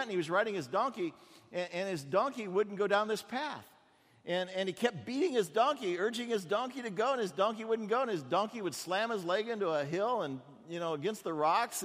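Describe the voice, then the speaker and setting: A man's voice: high voice, fairly bright tone, big-room sound. A man preaching a storytelling sermon in a conversational way, often repeating words as he goes.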